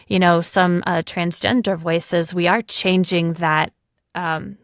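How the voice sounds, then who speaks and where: Chatty woman, low-pitched. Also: a bit bright, clean tone, no room sound, studio quality. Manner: chatty, with many fillers. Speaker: speech-language pathologist and podcast co-host. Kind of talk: casual chat.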